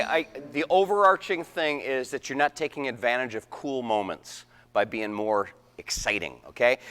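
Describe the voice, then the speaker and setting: A man's voice: a little high, a bit bright, clear, resonant tone. A man conducting a wind band rehearsal, counting off and singing rhythms aloud. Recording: echoey hall.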